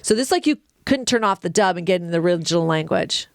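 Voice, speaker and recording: A woman co-hosting a podcast, telling a story in casual chat, animated, emphatic and profane. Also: on the low side, fast, gravelly, no echo, clean studio sound. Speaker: podcast co-host.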